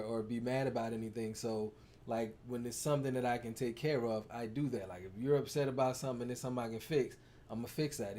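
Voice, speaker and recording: Playful casual man, mid-pitched. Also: dark tone. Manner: casual, playful storytelling with acted-out quotes. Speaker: co-host, partner of the coach. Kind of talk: casual chat.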